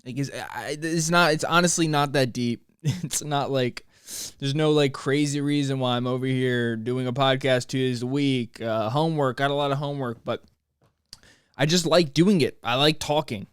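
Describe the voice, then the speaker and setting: A man's voice: mid-range voice, normal speed, clear, resonant tone, no echo, clean studio sound. A young man hosting his own podcast, ranting alone in a joking, self-mocking way with many restarts. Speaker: podcast host. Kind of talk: solo rambling rant.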